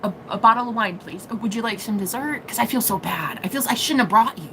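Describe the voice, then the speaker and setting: A woman's voice: on the high side, animated, a bit bright, a little hiss or hum, low-quality recording. A woman doing a flustered lovesick man. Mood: apologetic. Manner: apologetic, stammering, rushed.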